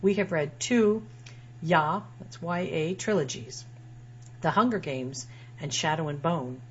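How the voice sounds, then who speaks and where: A woman's voice: low-pitched, unhurried. A woman writer reading her own personal essay aloud in a wry, dryly humorous way. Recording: dull lo-fi sound with faint hum.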